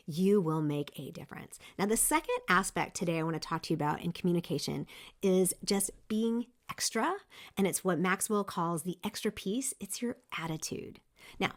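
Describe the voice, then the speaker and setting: Middle-aged female host, slightly low voice, animated motivational delivery with restarts. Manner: lively, emphatic, with frequent restarts. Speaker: podcast host. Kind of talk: motivational leadership talk. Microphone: seen on video, single speaker.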